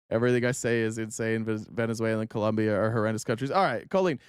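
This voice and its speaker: A man's voice: fairly low pitch, smooth, no room sound, studio quality. A man from Utah hosting a casual political livestream, reading viewers' chat comments aloud and answering them with sarcasm. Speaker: livestream host.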